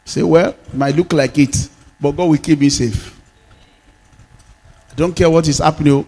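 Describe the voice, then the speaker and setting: A Nigerian man preaching as a pastor, moving between shouted declarations and quieter storytelling. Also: fairly high pitch, steady tone, moderate pace, vocal fry, long pauses, slightly rough, long reverb tail. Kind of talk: sermon.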